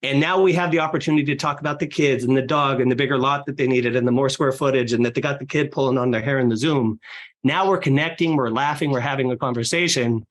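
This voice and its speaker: Energetic man talking shop on a podcast. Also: mid-range voice. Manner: fast, energetic, acts out client dialogue. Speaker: real estate team leader guest. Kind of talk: podcast interview talk.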